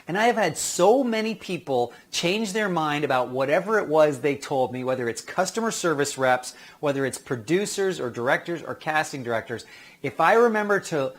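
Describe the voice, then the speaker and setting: A man talks through acting career advice in a loose, chatty way. His voice sits a little higher than most men's, and he slips into quick quoted lines as he goes. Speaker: acting coach. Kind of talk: casual advice talk.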